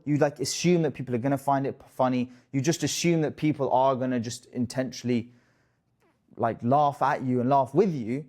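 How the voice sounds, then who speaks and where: A young man talking straight to camera as a dating coach, casual and jokey, swearing freely and tossing in quick asides. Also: medium pitch, a little mellow. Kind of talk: direct-to-camera coaching talk.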